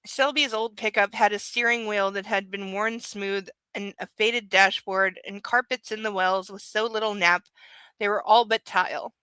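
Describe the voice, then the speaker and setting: A woman's voice: mid-range voice, steady tone, moderate pace, sharp tone, clear, resonant tone, no room sound, rough recording. A young woman reading a novel aloud for a book club, with casual chatty asides between passages.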